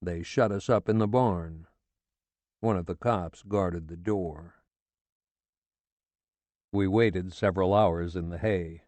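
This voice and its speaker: A man's voice: low-pitched, warm tone, dry recording. A man narrating a novel in the first person, with a sardonic, coarse-edged delivery. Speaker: audiobook narrator. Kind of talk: scripted literary narration.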